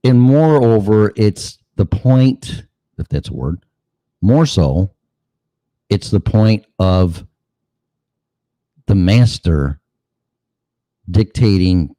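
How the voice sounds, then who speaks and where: Low-voiced guy ranting slow, mocking and cursing, show host vibe. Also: animated, mellow, dry recording. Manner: sarcastic, profane, mocking. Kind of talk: ranting monologue.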